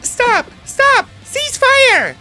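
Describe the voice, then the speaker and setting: A man's voice: very high-pitched, sing-song, measured pace, over loud music, voice pushed up, heavily acted. A man voicing a tough, jumpy young mare heroine in an audiobook, terse and commanding. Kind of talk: audiobook character voice.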